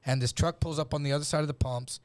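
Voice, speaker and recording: A middle-aged man, a comedian guest, telling a rough, profane story in casual chat and acting out the people in it. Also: on the high side, fast talker. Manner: animated, profane, acts out voices in his story.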